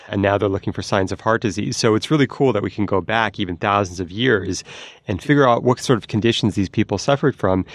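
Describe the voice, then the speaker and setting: Gravelly-voiced male science correspondent. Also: lowish voice, no room sound. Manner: lively, explanatory, demonstrates sounds. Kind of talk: explaining science news on a podcast.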